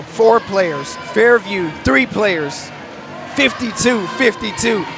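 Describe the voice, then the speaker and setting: A man calling play-by-play for a local basketball game, excitable and shouting big plays, his voice worn hoarse. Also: high-pitched, noisy background. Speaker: play-by-play announcer.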